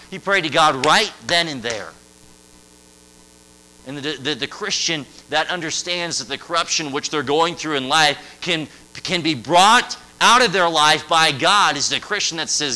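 A male youth pastor preaching a sermon, swinging from loud passionate lines to quiet hushed ones. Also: medium pitch, moderate pace, a little hiss or hum, poor audio.

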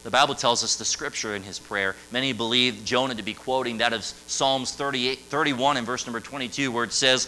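A male youth pastor preaching a sermon, swinging from loud passionate lines to quiet hushed ones. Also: mid-range voice, normal speed, a little hiss or hum, rough recording.

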